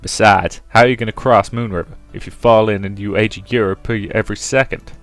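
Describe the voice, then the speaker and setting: A man voicing a wary male alchemist in a put-on American Deep South accent, grumbling and skeptical. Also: steady tone, fairly quick, no room sound, faint music behind, natural voice.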